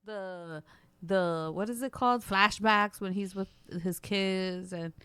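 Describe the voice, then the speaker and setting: A woman's voice: mid-range voice, slow pace, pushed and bright. A woman co-hosting a casual podcast, dropping teasing interjections and laughing often. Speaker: podcast co-host. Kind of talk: casual chat.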